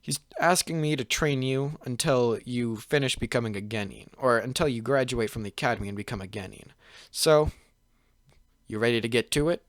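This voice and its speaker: A man's voice: medium pitch, moderate pace, no echo, studio quality, close to an everyday voice. A man quoting a laid-back ninja mentor. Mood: offhand. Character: laid-back adult male ninja teacher.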